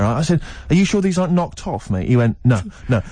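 A young man telling a lively story in casual chat, laughing often and acting out the voices of the people in it. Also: fairly high pitch, brisk, few pauses, dry recording. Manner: animated, laughing often, acts out quoted voices. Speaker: storyteller guest.

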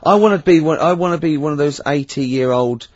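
Playful, husky man. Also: fairly high pitch, fairly quick, a little mellow, no echo, dull audio. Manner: playful, riffing, often laughing. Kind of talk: casual chat.

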